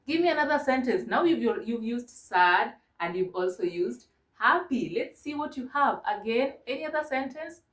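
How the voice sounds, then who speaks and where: A woman from Kenya teaching a mock English lesson to a young child, gentle and encouraging, spelling words out slowly. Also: fairly high pitch, expressive, echoey room. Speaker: online ESL teacher.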